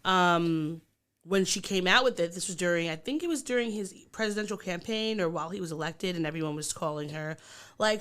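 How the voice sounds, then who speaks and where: A woman co-hosting a podcast, talking candidly in casual chat and getting animated when she teases her co-host. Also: lowish voice, fairly quick, clear, resonant tone.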